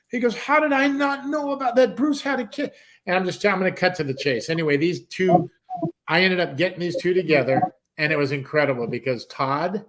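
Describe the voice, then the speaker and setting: A country music artist from San Diego, California tells a long personal story on a talk show, voicing the other people in it and swearing casually. His voice is on the high side with a fairly bright tone.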